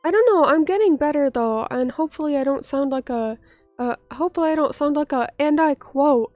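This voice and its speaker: A high-pitched woman with a soft, mellow tone, still a bit under the weather, chatting loosely through viewer comments on a livestream. She rambles in a self-deprecating way and drops the odd casual swear. The mic sounds close and dry, with faint music underneath. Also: a little fast, no echo. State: still sick, recovering from illness. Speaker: vtuber streamer.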